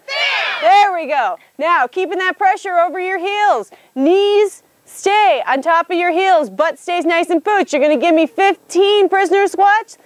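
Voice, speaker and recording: A woman fitness instructor leading an outdoor boot camp class, energetic, giving commands and counting reps aloud. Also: very high-pitched, unhurried, hardly any pauses, no room sound. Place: outdoors on a hilltop.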